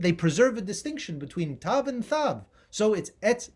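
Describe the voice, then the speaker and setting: A man's voice: fairly high pitch, sing-song, brisk, hardly any pauses, husky. A middle-aged man giving a public history lecture with slides, emphatic and rising on key words.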